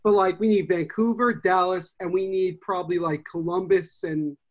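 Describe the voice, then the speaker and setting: A man from New Jersey co-hosting a casual hockey podcast, excitable, swearing and laughing a lot. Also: sits high, normal speed, dull audio. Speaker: podcast co-host.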